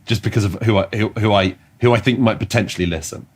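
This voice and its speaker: A man with a very low, husky voice co-hosts a comedy podcast. He tells rambling stories in a loose, casual way, often stopping and restarting his sentences. The gravelly grain sits under everything he says. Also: fast talker. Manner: rambling, self-interrupting storytelling with restarts. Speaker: podcast co-host.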